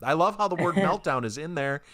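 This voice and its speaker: Lively, animated man co-hosting a comedy show. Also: on the high side, fairly quick, over a noisy crowd. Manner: animated, laughs a lot, reads headlines aloud. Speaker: podcast co-host. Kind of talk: casual comedic chat.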